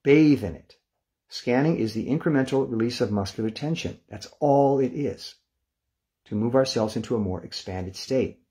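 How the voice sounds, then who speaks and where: Calm older man guiding relaxation. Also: medium pitch. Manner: calm, unhurried, counts down softly to a hushed release. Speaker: meditation instructor. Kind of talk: guided relaxation lesson.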